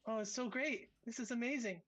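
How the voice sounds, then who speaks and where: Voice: brisk, fairly bright tone, slightly rough, no room sound. A game master voicing a man who wakes up screaming in panic and then turns ecstatically devoted. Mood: rapturous. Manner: shrill panicked cries, then breathless rapture.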